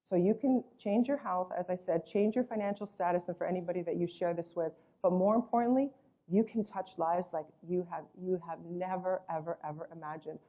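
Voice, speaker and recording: A woman's voice: on the low side, steady tone, brisk, mellow, muffled recording. A woman presenting a network marketing business and its products, speaking emphatically, with repeated superlatives and a storyteller's habit of acting out quotes. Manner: acts out quoted voices in storytelling. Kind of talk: sales presentation.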